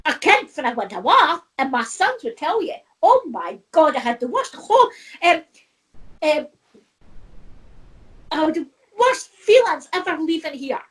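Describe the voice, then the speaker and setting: A woman's voice: high-pitched, sing-song, a little slow, pauses often. A middle-aged Scottish woman, a spiritual medium, telling her own story in a heartfelt, rambling way with many restarts. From Scotland. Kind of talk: personal storytelling.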